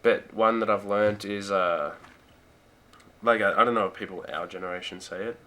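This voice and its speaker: A young man with an Australian accent, a college football player chatting casually as a podcast guest, relaxed and quick to laugh. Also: lowish voice. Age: young adult. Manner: laid-back, chatty, laughs easily. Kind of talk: casual chat.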